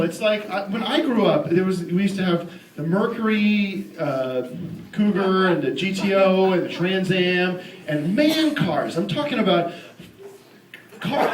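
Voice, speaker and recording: A man doing character stand-up in a live club, ranting in an indignant, fairly high voice and restarting his sentences as he goes. He is picked up from a distance, so the room echoes around him and loud crowd laughter fills the gaps. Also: a little hiss or hum. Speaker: stand-up comedian. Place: live comedy venue.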